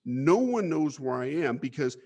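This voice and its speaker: A man's voice: on the high side, big pitch swings, normal speed, creaky, warm tone, husky. Blunt man telling a hard story. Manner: raw, blunt storytelling with frequent swearing and stammered restarts. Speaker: interview guest. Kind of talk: candid life-story interview.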